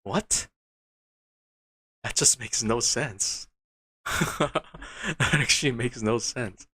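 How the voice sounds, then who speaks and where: Streamer, male, mid pitch, dry close sound; mutters through gameplay and snaps into exasperated outbursts. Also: unhurried, sharp tone, breathy edge, no echo. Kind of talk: casual gameplay commentary.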